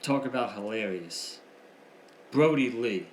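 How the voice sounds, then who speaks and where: A man recapping the week's wrestling shows in a casual, excitable, chatty way. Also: medium pitch, slow pace, reverberant, slight background noise. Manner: excitable, chatty, slangy ("freaking"). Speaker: wrestling show reviewer.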